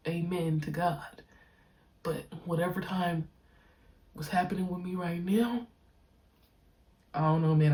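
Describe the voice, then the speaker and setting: Young woman podcaster, deep low voice, laid-back slangy monologue, drags out words. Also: warm tone. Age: young adult. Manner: slangy, stretches key words slowly. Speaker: podcast host, pro basketball player. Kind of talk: casual reflective monologue.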